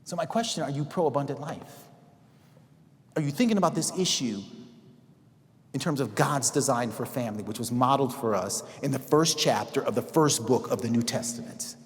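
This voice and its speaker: A man giving a sermon-style talk that quizzes the audience and swings between loud calls and hushed lines. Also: medium pitch, normal speed, big-room sound. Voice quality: dynamic, shifting from loud to hushed. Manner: preachy, asks audience questions, acts out quotes. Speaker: speaker.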